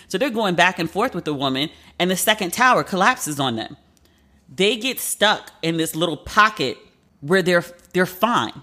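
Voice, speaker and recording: A woman's voice: fairly low pitch, animated, normal speed, bright, forceful tone. A woman hosting a podcast, retelling a story in a chatty, emotional way with lots of fillers. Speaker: podcast host. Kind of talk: casual solo podcast storytelling.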